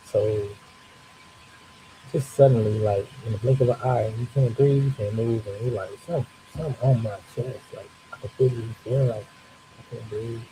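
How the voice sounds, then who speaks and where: A man telling a personal supernatural story in a loose, profane, animated way, acting out his own reactions. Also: mid-range voice, moderate pace. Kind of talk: casual storytelling livestream. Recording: faint hiss.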